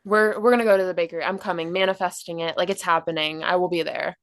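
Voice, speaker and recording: A woman's voice: lowish voice, steady tone, fast talker, fairly bright tone, no echo, studio quality. A woman hosting a podcast interview, effusive and gushing with praise. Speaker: podcast host.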